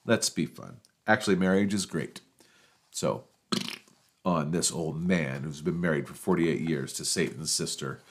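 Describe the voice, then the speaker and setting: A man's voice: rumbling low, a little slow, slight background noise. A man hosting a podcast for pastors, telling funny church stories in a casual, chatty way and laughing at his own jokes. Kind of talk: casual storytelling talk.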